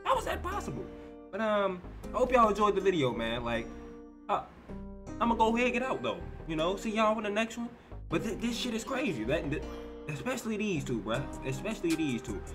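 Animated, incredulous American guy reacting. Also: high-pitched, fairly quick, over music. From United States. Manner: incredulous, repeats words and stumbles, says "bro" a lot. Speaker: reaction video host. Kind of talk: casual reaction commentary.

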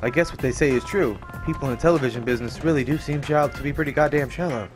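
A man reading game subtitles aloud, voicing a gruff, blunt male yakuza in a lowered voice. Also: fast, soft background music, close to an everyday voice. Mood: grumbling. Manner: blunt, grumbling.

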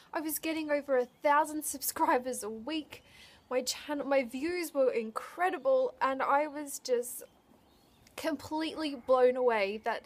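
Tearful high-voiced woman vlogging. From Australia. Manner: emotional, choked up, halting with restarts. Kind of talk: unscripted to-camera vlog.

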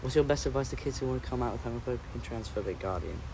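A man's voice: mid-range voice, expressive, very fast, creaky, background noise. Casual male livestream host; loose, playful, rambling, corrects himself mid-sentence. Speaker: musician hosting a livestream. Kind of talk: casual livestream chat, reading out viewer comments.

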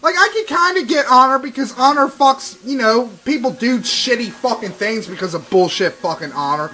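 A young man with a high, bright voice gives sarcastic, profane commentary on a game he is playing. His pitch leaps around as he rants and swears, and faint game music plays under him. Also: lively intonation, moderate pace, rough recording. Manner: ranting, sarcastic, swears constantly. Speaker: let's play commentator.

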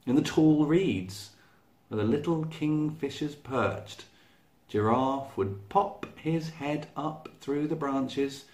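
A man reading a children's picture book aloud as a storyteller, slow and expressive. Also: on the high side. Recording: echoey room.

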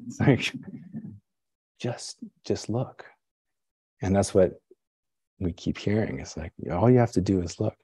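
A man's voice: sits low, measured pace, pauses often, dark tone, breathy edge, dry recording, studio quality. A man, a Zen teacher, giving a conversational dharma talk, musing aloud and often checking in with "right?" and "you know". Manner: conversational, musing, self-questioning.

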